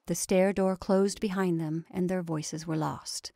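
A woman reading a story aloud in a measured, dramatic way. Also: on the low side, steady tone, creaky, mellow, no room sound, clean studio sound.

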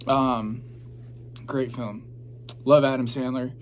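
A man's voice: mid-range voice, steady tone, takes it slowly, slight background noise. A young man chatting casually as a podcast host, rambling with lots of fillers and swearing freely. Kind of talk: casual chat.

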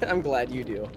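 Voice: mid-range voice, a little hiss or hum. A player chatting playfully and giggling with friends during a game over voice chat. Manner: playful, giggly, sing-song. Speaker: gamer. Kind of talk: casual gaming chat.

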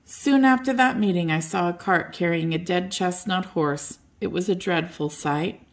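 An older woman reading a children's bedtime story aloud in a gentle, expressive way. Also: lowish voice, moderate pace, creaky.

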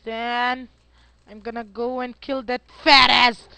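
A man giving casual gameplay commentary, excitable and talking to himself as he plays. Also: very high voice, slow, vocal fry, clean tone, no room sound. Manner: excitable, yelps and talks to himself while playing. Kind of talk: casual let's-play commentary.

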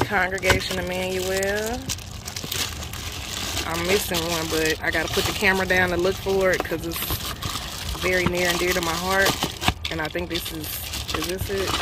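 A woman chatting casually to viewers in her vlog, cursing and laughing as she goes. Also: fairly low pitch. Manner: profane, laughing, talks to viewers as y'all. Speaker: vlogger. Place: car and on the go. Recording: loud car and road noise. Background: vehicle noise.

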